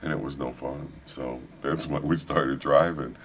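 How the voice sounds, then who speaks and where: A middle-aged man telling a travel story in a casual interview, animated and laughing often. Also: rumbling low, a little slow, a little hiss or hum. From United States. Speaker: author, interview guest. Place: conference venue, indoors.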